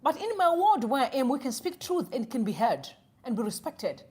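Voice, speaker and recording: A woman hosts an opinionated live stream in a high, lively voice that swoops up and down. She tells stories by playing both sides of a conversation and drops Shona phrases into her English. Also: moderate pace. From Zimbabwe. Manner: animated storytelling, acting out both sides of a conversation.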